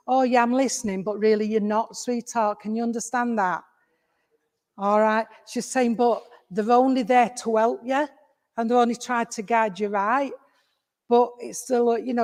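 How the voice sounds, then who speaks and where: Chatty English woman medium in a reverberant hall. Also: mid-range voice. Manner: chatty, affectionate, calls listener sweetheart and darling. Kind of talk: mediumship demonstration addressing an audience member. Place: village hall.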